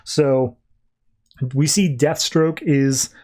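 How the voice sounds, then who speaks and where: A man's voice: fairly high pitch, drawn-out words, darkish tone. A man co-hosting a podcast, recapping a comic book in a loose, offhand way with wry asides and frequent restarts. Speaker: podcast co-host.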